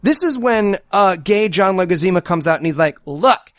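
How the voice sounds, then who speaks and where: A man's voice: high-pitched, expressive, brisk, no room sound, clean studio sound. A man co-hosting a comedy podcast, sarcastic and profane, talking over a remote call. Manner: sarcastic, profane, acts out silly voices. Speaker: podcast co-host. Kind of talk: casual comedic podcast chat. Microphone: remote call mic.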